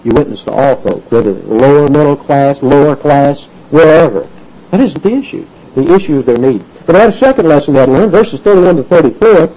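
Man, preacher, folksy sermon, husky voice, lively pitch. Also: a little fast, lo-fi sound. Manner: folksy, animated, acts out quoted voices.

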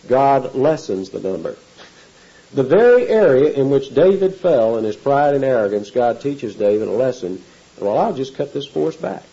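A man's voice: mid-range voice, mellow, slightly rough, lo-fi sound. A male pastor preaching an expository sermon in a conversational way, often putting questions to his listeners. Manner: conversational, asks the audience questions.

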